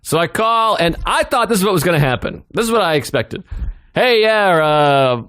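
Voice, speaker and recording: A man's voice: high-pitched, quick pace, no echo, studio quality. A man telling a comic story, acting out the people in it. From southern Massachusetts. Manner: animated, acts out other people's voices. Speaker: storyteller guest.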